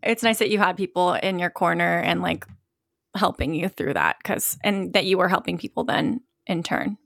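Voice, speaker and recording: A woman with a fairly low voice hosts a relaxed interview, asking loose, easygoing questions. The sound is close and dry, with no room around it. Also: moderate pace, gravelly, no room sound, soft background music. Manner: easygoing, relaxed, with frequent "like" and short backchannels. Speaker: podcast host. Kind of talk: casual interview.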